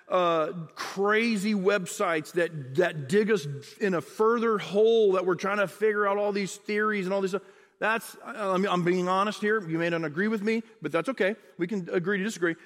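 A man preaching a sermon as pastor, in an animated, conversational way with repeated phrases and asides. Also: high voice, big-room sound.

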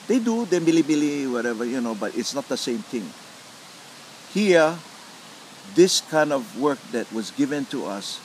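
Middle-aged man with a Hawaiian Pidgin accent, animated storyteller who acts out voices, mid-pitched, recorded outdoors with faint hiss. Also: low-quality recording. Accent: Hawaiian Pidgin English. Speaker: lomi lomi practitioner. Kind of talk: storytelling interview.

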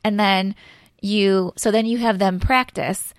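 A woman's voice: mid-range voice, steady tone, unhurried, clean tone, no room sound, studio quality. A woman, an elementary school teacher, explaining classroom routines step by step in casual chat, full of "so, like" fillers.

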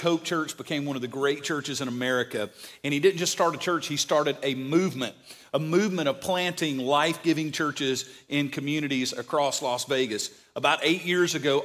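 Upbeat pastor introducing a guest speaker. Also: male voice, a little high. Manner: warm, enthusiastic introduction of a guest. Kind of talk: sermon introduction. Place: church auditorium stage.

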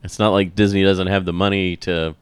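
A man co-hosting a casual podcast and adding measured comments. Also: low voice, flat delivery, clean tone, no echo. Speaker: podcast co-host.

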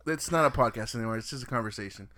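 A man's voice: mid-range voice, very fast, pushed and bright. Crude joking young man. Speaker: podcast co-host. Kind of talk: casual chat.

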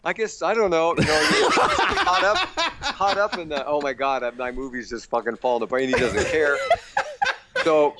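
A man's voice: medium pitch, very animated, normal speed, very noisy. A middle-aged man, an actor and producer, tells behind-the-scenes stories in a casual interview, laughing and swearing often. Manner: laughing, profane anecdotes.

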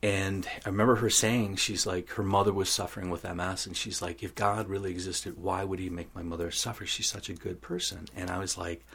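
Deep husky man telling his story. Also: fairly even intonation, brisk, few pauses, a bit bright. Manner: earnest storytelling, acts out quoted dialogue. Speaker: interview guest. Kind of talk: telling a personal faith story.

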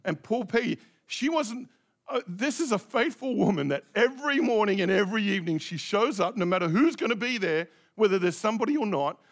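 A man's voice: high voice, lively intonation, fairly quick. A middle-aged male pastor preaching a reflective, conversational sermon, asking his congregation direct questions.

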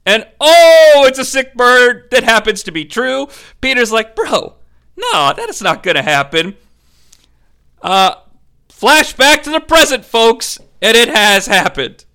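A man's voice: sits high, gravelly, pushed and bright. A man giving an irreverent, crude, joking recap of a movie as host of a review show.

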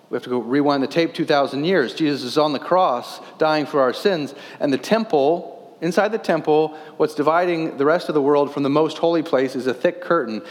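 A man's voice: fairly high pitch, long reverb tail. A man in his thirties, a pastor, preaching a sermon earnestly, posing questions and reading scripture aloud.

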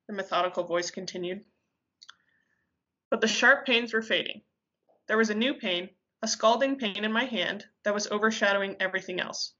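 A woman reading a dramatic story aloud with intensity, pausing now and then to correct herself. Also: mid-range voice, pushed and bright, lo-fi sound. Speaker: reader. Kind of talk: amateur audiobook reading.

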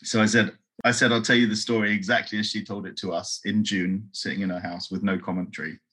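A man telling a long story as an interview guest, slipping into the voices of the people he quotes. His voice sits a little low and sounds bright and forward. It has a husky edge. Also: fast. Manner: animated, acts out voices in quotes.

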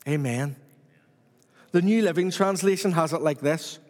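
A man's voice: a little high, moderate pace, a little mellow, big-room sound. A man preaching a sermon to his church with repetitive, rhythmic emphasis.

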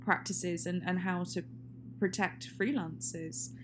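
A woman's voice: fairly low pitch, steady tone, slow pace. Chatty woman, laughing often. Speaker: podcast co-host. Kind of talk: casual chat. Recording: faint hum and noise.

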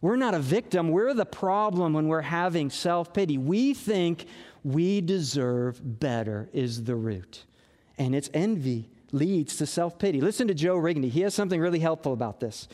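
A man's voice: fairly high pitch, animated, normal speed, darkish tone, big-room sound. A man preaching a sermon as pastor, earnest and conversational, with emphatic rises.

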